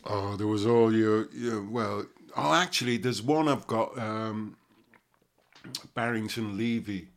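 Speaking slowly in a lowish voice, this Liverpool actor in his sixties chats as an interview guest with a thick Scouse accent. His reminiscences wander loosely, dotted with "you know what I mean."

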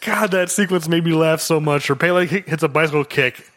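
A man's voice: a little high, fairly quick, a bit bright. A man co-hosting a casual podcast about movies. He chats, laughs often and quotes characters in put-on voices. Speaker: podcast co-host.

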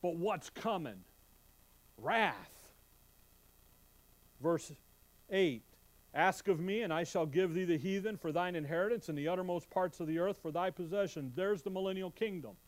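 A man with a high-sitting voice preaches an expository Bible sermon at normal speed with long pauses. He's animated, reads scripture aloud in King James wording, and quizzes the congregation with questions.

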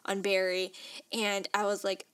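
A young adult woman telling a personal story in a casual, animated way, with lots of "like" and quick laughs. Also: medium pitch, smooth. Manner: animated and emotional, heavy use of "like", frequent laughs.

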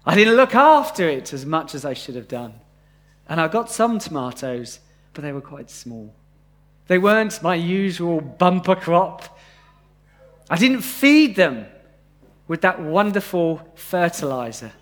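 Male preacher, high-pitched, easygoing delivery, live sermon with questions to the room. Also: big pitch swings, unhurried, a bit bright. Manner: conversational, asks the congregation questions. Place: church, live congregation.

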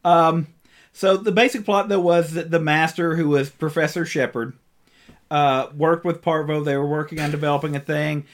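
A man co-hosting a casual podcast recaps an old cartoon, rambling with many ums and restarts and laughing often. His voice is fairly high and steady in tone, at a moderate pace.

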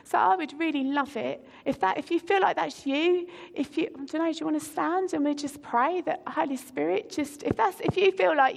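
High-voiced woman preaching in a church. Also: moderate pace, creaky, few pauses, in a large hall. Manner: conversational storytelling with frequent ums. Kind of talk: personal story sermon. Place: church hall.

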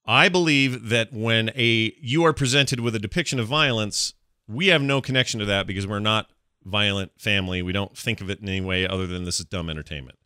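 A man's voice: on the low side, a little fast, pushed and bright, clean tone, no echo, clean studio sound. A middle-aged man chatting casually as a podcast co-host, rambling with many restarts. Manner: rambling, restarts, laughs a lot. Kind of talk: casual chat.

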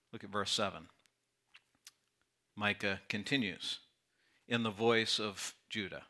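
A man preaching a sermon as pastor, earnest, often dropping soft and low to stress a point. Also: animated, measured pace, long pauses.

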